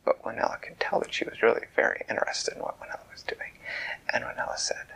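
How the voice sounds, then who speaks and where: A man narrating a children's story in a soft, half-whispered tone. His voice is husky with a gravelly fry, and he talks as if chatting to a child. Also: high voice, big pitch swings, quick pace, rough recording.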